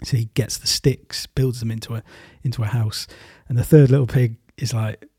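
Casting: male host, easygoing storyteller, husky, mellow, dry. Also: medium pitch, normal speed, hardly any pauses, dry recording. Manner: relaxed, rambling with fillers and restarts. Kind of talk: casual storytelling in a talk.

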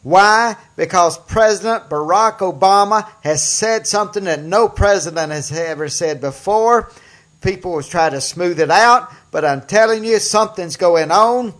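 An older man with a Southern US accent hosting a political talk show, speaking emphatically in a folksy way and getting louder on key points. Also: sits high, a little slow. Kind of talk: political commentary monologue.

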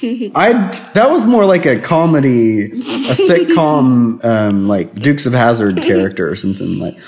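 A man's voice: medium pitch, a little slow, a little hiss or hum. A man co-hosting a goofy casual podcast, joking and mocking himself. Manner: jokey, self-mocking, lively. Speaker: podcast co-host.

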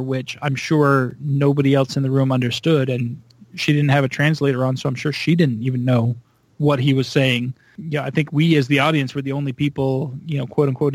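A man in casual podcast chat, excitable and acting out his own reactions. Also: no echo. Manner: excitable, acts out his own reactions with big pitch jumps. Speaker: podcast co-host.

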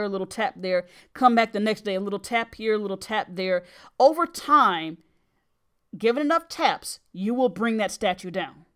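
A middle-aged woman hosting a podcast, telling a personal story in an earnest, emphatic way. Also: mid-range voice. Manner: earnest and emphatic, with brief laughs.

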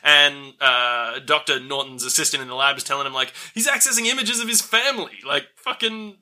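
A man's voice: medium pitch, a little fast, pushed and bright. A man co-hosting a podcast, casually recapping a movie in a rambling, profane way. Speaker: podcast co-host.

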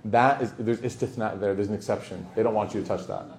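Speaking quickly in a fairly low, darkish-toned voice, a man teaches an informal religious lesson to a study circle. His approach is relaxed and full of jokes, with stories whose dialogue he performs himself.

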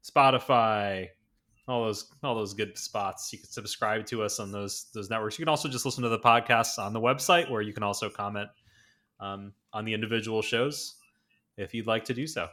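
A man's voice: lowish voice, normal speed, pushed and bright. A man hosting a podcast in an upbeat, easygoing way. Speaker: podcast host. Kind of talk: casual chat and sign-off.

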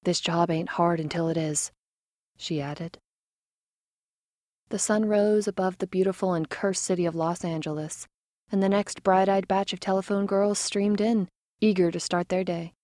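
A woman narrating a first-person story with dramatic, expressive delivery, dropping to a whisper in tense moments. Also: mid-range voice, normal speed, dry recording, clean studio sound.

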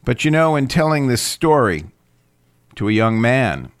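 Male lecturer, measured and questioning, mid-pitched, unhurried delivery, dead-dry recording. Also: big pitch swings, smooth, no room sound. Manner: slow, deliberate, questioning. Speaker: lecturer on Jewish scripture. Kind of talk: reflective lecture.

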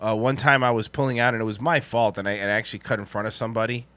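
A man telling profane stories in casual chat, animated and prone to loud outbursts. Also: fairly low pitch, very fast.

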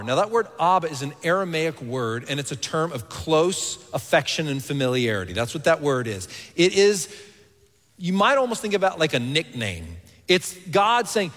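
A man in his thirties, a pastor preaching a sermon, earnest and animated, sometimes dropping to quiet intensity. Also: fairly high pitch, normal speed. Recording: long hall reverb.

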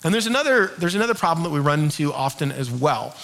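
A middle-aged man preaching a sermon as pastor, lively and conversational, leading the congregation in call-and-response. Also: fairly high pitch, quick pace.

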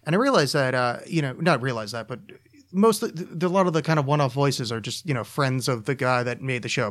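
A man hosting a solo podcast, ranting casually with profanity, restarts and repeated words. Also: medium pitch. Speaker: podcast host.

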